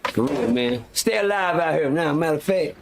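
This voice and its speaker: A middle-aged man from West Texas, telling stories in an animated way on a livestream and acting out the people he quotes. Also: normal speed. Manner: animated storyteller, acts out quoted people in a loud high voice. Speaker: livestream host. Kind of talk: casual storytelling. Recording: noisy livestream audio.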